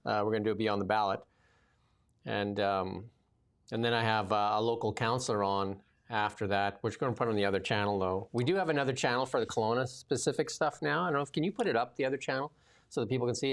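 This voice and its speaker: A man hosts a casual political talk show in a mid-pitched voice. He rambles loosely, padding his sentences with fillers and restarts. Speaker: podcast host.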